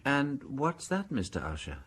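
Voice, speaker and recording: A curious companion. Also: male voice, medium pitch, wildly swooping pitch, measured pace, fairly bright tone, breathy edge, heavily acted. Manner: curious, questioning. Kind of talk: 1980s radio drama acting.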